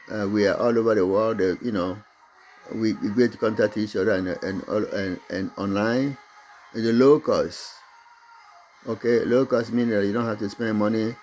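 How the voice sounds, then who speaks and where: A middle-aged man from Togo whose first language is Mina, speaking English with an accent and giving a halting motivational talk about his own business, full of restarts and fillers. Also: on the low side, a little mellow. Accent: Togolese. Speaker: business owner.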